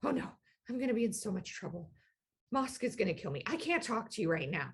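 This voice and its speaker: Gal voicing a tiny crying goblin guy, high squeaky voice, stammery and rushed. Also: breathy edge. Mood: panicked. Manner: rapid, stammering, panicked. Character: frightened small male goblin, crying.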